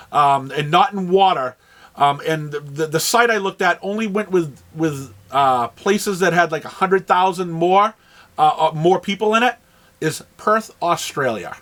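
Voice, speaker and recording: A man with a New England accent and a high voice talks casually through a shop's new arrivals. He rambles, trails off and restarts his phrases, with plenty of ums along the way. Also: animated, unhurried, a bit bright. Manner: rambling, with frequent fillers and restarts. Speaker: comic shop host. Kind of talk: casual product rundown.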